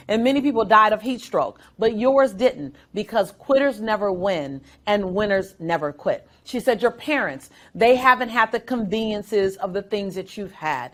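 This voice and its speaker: A middle-aged woman telling a personal story with animated delivery, acting out the voices of people in it. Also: medium pitch. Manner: acts out voices of family and coach in her story. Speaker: guest speaker.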